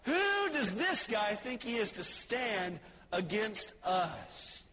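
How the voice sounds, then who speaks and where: Man playing scrappy teen shepherd boy, shouting back, very high voice. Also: big pitch swings, slow, slight background noise, full character voice. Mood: defiant. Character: young shepherd boy defying a giant.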